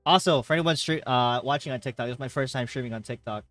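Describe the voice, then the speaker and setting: A young man live-streaming from his hot bedroom, chatting casually and reading chat aloud, rambling and jokey with sudden loud greetings, and a little tired. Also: medium pitch, quick pace, faint music behind. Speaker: livestreamer.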